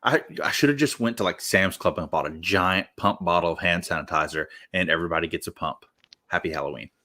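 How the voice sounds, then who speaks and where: A man co-hosting a casual chat and making relaxed joking asides. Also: deep voice, fast.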